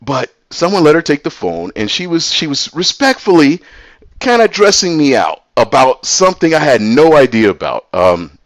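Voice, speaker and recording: Male storyteller, middle-aged, casual and animated, close dry read. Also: fairly high pitch, normal speed, dry recording. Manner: animated, voices other people in quotes.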